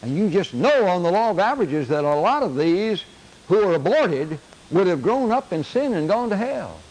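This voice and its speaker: An older man leads a Bible class in an earnest lecture style. He repeats his key phrases for emphasis. His voice sits somewhat high for a man. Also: big pitch swings, moderate pace, a little mellow, rough recording. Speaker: Bible teacher.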